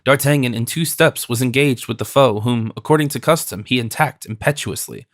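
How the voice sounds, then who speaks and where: A man narrating an audiobook in a steady, even reading. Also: mid-range voice, a little fast, dry recording, studio quality. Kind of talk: scripted narration.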